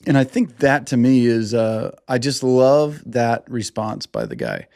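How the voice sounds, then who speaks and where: A man hosting a sports podcast in casual, profane commentary, acting out players in quick put-on voices. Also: medium pitch, sing-song, gravelly, darkish tone, no room sound, studio quality. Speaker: podcast host.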